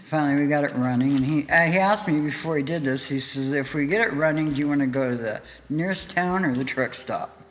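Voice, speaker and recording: A woman guest in an interview, telling a story in a lively way, laughing often and acting out what people said. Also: sits low, a little fast, few pauses, a little hiss or hum. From United States. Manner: animated, laughing storyteller who acts out quotes. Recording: hall reverb with faint music.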